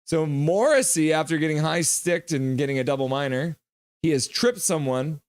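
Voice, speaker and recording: A man hosting a live hockey watch-along stream, calling the plays casually, joking with chat and getting loud at goals. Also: a little high, moderate pace, no room sound, clean studio sound. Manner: excitable, jokey, shouts at goals. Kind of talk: casual play-by-play and chat reading.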